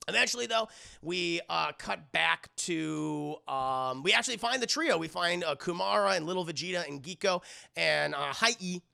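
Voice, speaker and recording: A man's voice: fairly high pitch, lively intonation, moderate pace, creaky, pushed and bright, clear, resonant tone. A man recapping an anime episode for his live chat in a loose, swearing style, slipping into put-on voices for the characters. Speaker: streamer reviewing an anime episode.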